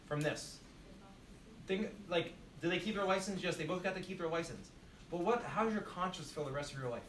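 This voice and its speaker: Emphatic, higher-voiced nursing instructor in an echoey classroom. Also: male voice, a bit bright, a little hiss or hum. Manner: emphatic, repetitive drilling, asks the class questions. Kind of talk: classroom demonstration lecture. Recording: echoey room, mic at a distance.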